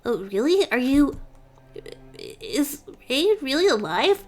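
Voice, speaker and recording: A shaken young student pleads in a high, fragile voice, as a woman reads the game's lines. The delivery is plaintive and unsteady, like dialogue read aloud from a mystery game. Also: big pitch swings, slow pace, a little mellow, full character voice. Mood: hopeful.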